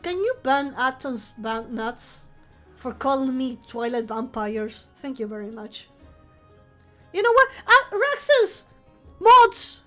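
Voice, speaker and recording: A woman streamer chatting casually with her viewers in a soft, playful voice while recovering from the flu. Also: high voice. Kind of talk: casual live-stream chat.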